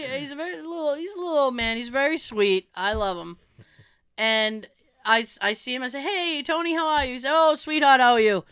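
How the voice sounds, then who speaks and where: A woman co-hosting a podcast, chatting casually and telling a story, acting out quoted voices with big jumps in pitch and loudness. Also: smooth, no room sound. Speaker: podcast co-host.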